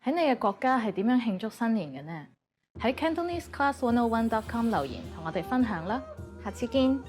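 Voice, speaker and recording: A woman giving scripted educational narration in a brisk, even tone. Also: fairly high pitch, music in the background.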